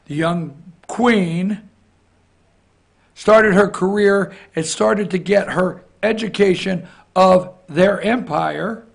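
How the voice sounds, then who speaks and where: Hosting a morning opinion show, a man rambles through the news with blunt, combative, mocking political commentary. He has a high voice with vocal fry.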